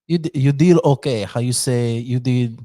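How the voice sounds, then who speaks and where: A man co-hosting a live show in casual chat, laid-back and quick to laugh. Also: mid-range voice, dark tone, no echo, studio quality. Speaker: co-host.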